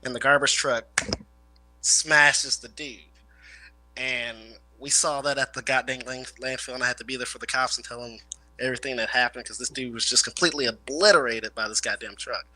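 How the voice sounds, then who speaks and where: A man's voice: medium pitch, steady tone, a little fast, pushed and bright, dry recording, low-quality recording. A man with a rural Midwestern country twang, rambling through stories in casual chat and swearing freely. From Illinois/Indiana area. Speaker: guest, former garbage man.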